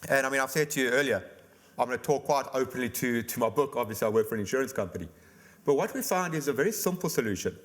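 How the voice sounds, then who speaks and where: Man, insurance expert guest on a conference panel; rapid, chatty explainer. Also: medium pitch, expressive. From South Africa. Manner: fast, explanatory, chatty with "you know" fillers.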